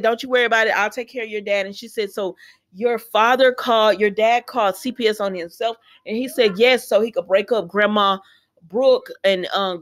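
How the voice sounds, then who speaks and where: A woman hosting a casual soap opera recap, chatty, retelling scenes with quick quoted voices and sassy asides. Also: medium pitch.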